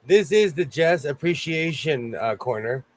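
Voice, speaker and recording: A man's voice: on the high side, animated, unhurried, low-quality recording. A man hosting a sewing show, chatting casually in a playful, teasing way and laughing often. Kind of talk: casual chat.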